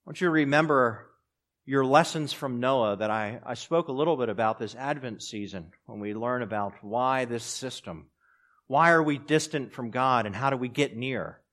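A man preaching a sermon, swinging between loud, raised passages and quiet, low asides. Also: normal speed. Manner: preaching with strong rises and drops in pitch and loudness. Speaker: pastor.

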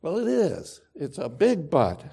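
A man preaches to his congregation in a slow, deliberate, emphatic way, leaning on dramatic pauses. His voice is gravelly and dark, and his pitch swings widely as he presses each point. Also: wildly swooping pitch. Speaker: pastor. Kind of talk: sermon. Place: church sanctuary with congregation.

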